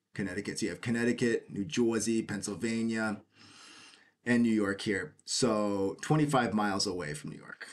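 An American man chatting casually about cricket news, reading bits aloud and adding jokey asides and questions. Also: fairly low pitch. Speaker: cricket video host.

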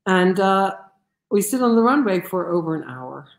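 A woman telling a personal story in an animated way, with many fillers and restarts. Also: medium pitch, moderate pace, gravelly, reverberant, slight background noise. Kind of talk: storytelling talk.

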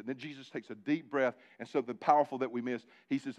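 A man preaching a live sermon in church, animated and joking with his congregation, calling on them directly. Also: medium pitch, racing, hardly any pauses, highs cut off. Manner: animated, talks directly to the congregation with asides and jokes. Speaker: pastor. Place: church sanctuary before a congregation.

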